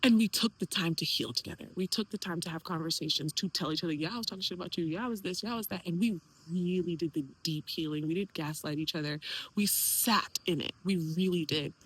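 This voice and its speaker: Candid, animated young woman vlogging. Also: lowish voice, quick pace, breathy edge, rough recording. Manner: candid, animated, quoting others in lively voices. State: tearful at times. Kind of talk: emotional personal vlog.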